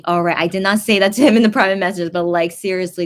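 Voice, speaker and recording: A woman's voice: on the low side, fast talker, few pauses. A young woman in casual chat, rambling to her viewers with lots of fillers and restarts. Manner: chatty and animated, talking straight to viewers. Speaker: fan vlogger.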